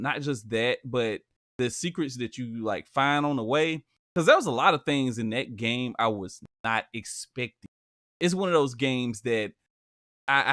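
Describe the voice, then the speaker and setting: A relaxed man in a casual gaming chat, his voice at an everyday male pitch. He turns emphatic when something excites him and swears offhandedly. The recording is dry, with no room echo.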